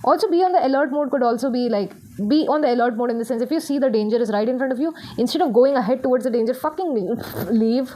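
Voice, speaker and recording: A woman's voice: high voice, quick pace, dark tone. A young woman giving a casual tarot reading, talking in a rambling, blunt way and swearing freely. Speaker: tarot reader.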